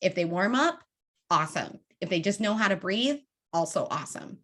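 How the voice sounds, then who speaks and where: A woman vocal coach leading a public speaking workshop, demonstrating breathing in an animated, conversational way. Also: on the low side, moderate pace.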